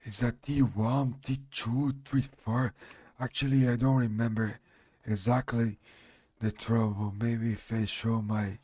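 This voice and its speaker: A man from Brazil with a Brazilian Portuguese accent and a strong voice, chatting on his live stream in halting English as a non-native speaker. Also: mid-range voice, flat delivery, warm tone, no echo. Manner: halting, searching for English words. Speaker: game streamer. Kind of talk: casual live-stream chat.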